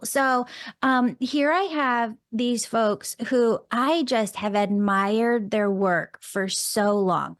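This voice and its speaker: A woman's voice: fairly high pitch, no echo. Bubbly woman podcast host, dry close sound. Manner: enthusiastic, gushing, lots of "like" and "oh my God". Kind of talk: casual storytelling chat.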